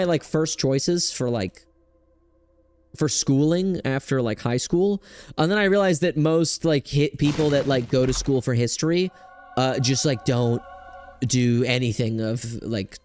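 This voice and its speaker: A young man giving casual gameplay commentary as a streamer, rambling and excitable with lots of fillers. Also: mid-range voice. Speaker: gaming streamer.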